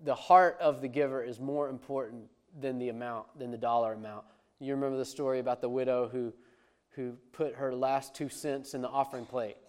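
A man's voice: medium pitch, fairly even intonation, fairly quick. A man preaching a sermon as a pastor, conversational and emphatic, with frequent restarts.

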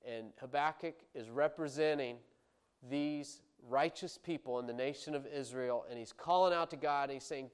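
A man's voice: mid-range voice, clear, resonant tone. A man preaching a Bible teaching sermon in an earnest, emphatic way, often repeating words and restarting phrases.

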